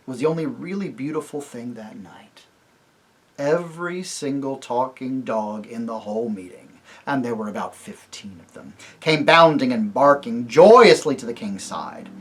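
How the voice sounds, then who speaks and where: A man, a priest, reading a children's novel aloud with expressive, animated delivery. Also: slightly rough. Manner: expressive, animated reading with wide swings in pitch and loudness. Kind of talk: storybook read-aloud narration.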